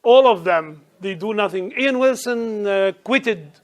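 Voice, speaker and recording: Guy, high voice, fired up church talk, broken english. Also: expressive, unhurried. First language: Arabic. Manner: passionate, emphatic, imperfect English. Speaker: church speaker.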